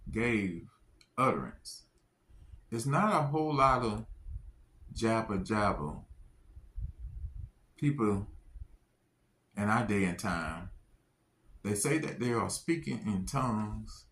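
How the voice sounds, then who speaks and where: A man giving an earnest religious testimony, speaking deliberately and stressing key phrases. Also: lowish voice, a bit bright.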